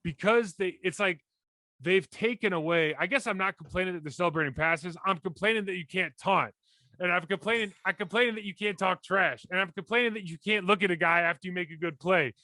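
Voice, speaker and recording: A man in his forties, a former football player co-hosting a podcast, telling stories in a blunt, rambling, animated way. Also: high voice, a little fast, dry recording. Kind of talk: casual sports chat.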